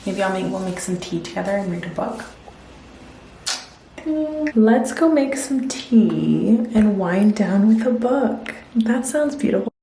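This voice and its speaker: A young woman chatting casually in a self-care vlog at home, rambling with lots of fillers, teary and dropping into soft whispers. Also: medium pitch, lively intonation, a little slow, slight background noise. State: teary, emotional. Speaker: vlogger. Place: home, indoors at night.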